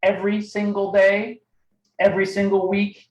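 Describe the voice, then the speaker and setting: An energetic man coaching a live online audience, his voice sitting a bit high. He keeps asking "right?" and "okay?". The sound is echoey, as if he is in a bare room. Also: normal speed. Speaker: webinar host. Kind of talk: live sales training talk.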